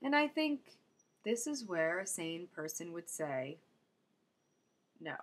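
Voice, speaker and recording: A woman's voice: on the low side, big pitch swings, measured pace. A young woman telling a true story about herself in a wry, self-mocking comic manner. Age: young adult. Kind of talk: first-person storytelling.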